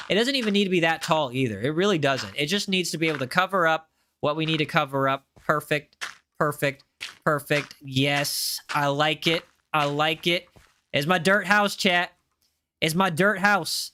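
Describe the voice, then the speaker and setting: A man live streaming, chatting casually with his viewers, animated and repeating himself as he banters with chat. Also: fairly high pitch, moderate pace, slight background noise.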